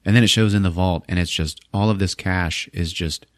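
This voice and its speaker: Laughing, profane low-voiced man. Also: moderate pace, no room sound, studio quality. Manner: laughing, profane, animated retelling. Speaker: podcast host. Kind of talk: casual movie recap.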